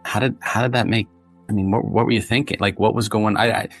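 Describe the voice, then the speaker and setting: A middle-aged man speaks as a podcast guest, his voice low and bright with a forceful edge. He explains things in long, anecdotal runs and often restarts his sentences. The recording is dry and close, with faint music behind it. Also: fairly even intonation, fast talker, gravelly. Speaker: guest author, former polygraph examiner. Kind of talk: conversational podcast interview.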